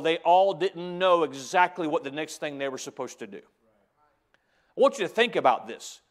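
A man with a high voice preaches a sermon in a church. He drops into soft, close asides, then climbs back up to loud, driving emphasis, stacking repeated phrases as he goes. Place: church sanctuary.

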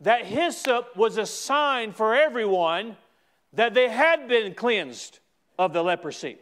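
High-voiced man preaching a sermon. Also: expressive, slow pace. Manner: emphatic preaching with repeated restarts, rising to shouts. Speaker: pastor.

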